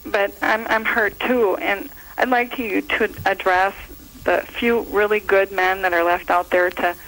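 A woman's voice: medium pitch, a bit bright, poor audio. A woman from Minnesota calling in by phone, gushing and chatty, rambling with many fillers. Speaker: caller. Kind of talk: call-in chat. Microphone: phone call.

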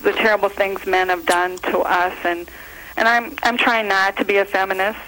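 A woman's voice: medium pitch, flat delivery, normal speed, noisy background. A woman from Minnesota heard over a phone call to a talk show. She talks in a gushing, chatty way, rambling through her point with plenty of fillers. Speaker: caller. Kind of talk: call-in chat.

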